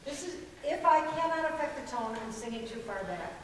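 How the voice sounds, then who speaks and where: Echoey high-voiced woman vocal coach. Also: animated, fairly quick, a little hiss or hum. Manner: demonstrates sounds, jokes with the singers. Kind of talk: barbershop vocal lesson to a group. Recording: very echoey hall, voice from far off.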